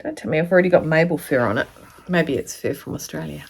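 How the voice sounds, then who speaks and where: A woman sewing vlogger talks casually to her viewers. Her voice sits a little low, and she gushes over what she shows, now and then dropping to a soft whisper. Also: fast talker, creaky, husky. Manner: gushing, chatty, drops into soft whispers. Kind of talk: casual unboxing chat to camera.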